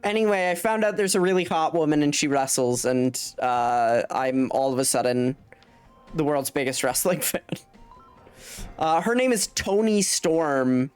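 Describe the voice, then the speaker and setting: Low, unhurried woman streamer. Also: darkish tone, smooth. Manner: rambling, swears freely, laughs mid-sentence. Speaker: VTuber game streamer. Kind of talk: casual live-stream chat while gaming. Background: faint game music.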